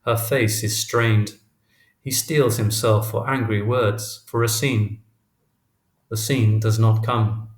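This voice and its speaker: Low-voiced man narrating an audiobook. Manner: measured, even reading. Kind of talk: scripted narration. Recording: roomy echo.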